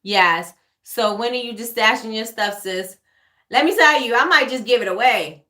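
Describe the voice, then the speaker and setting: A woman's voice: a little high, normal speed, bright, forceful tone, echoey room. A woman with a New York accent hosting a casual livestream Q&A, chatty and repetitive, reading out viewer comments as she goes. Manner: chatty, repeats herself, reads out viewer comments. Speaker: livestream host, candle maker. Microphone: webcam or phone livestream.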